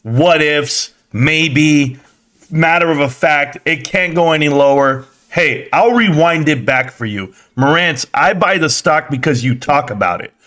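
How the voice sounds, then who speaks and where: A man with a notably high voice hosts a live stream and rants about the stock market. He talks in a sarcastic, scolding way, needling his own viewers. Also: a little slow, fairly bright tone. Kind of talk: ranting stock market commentary.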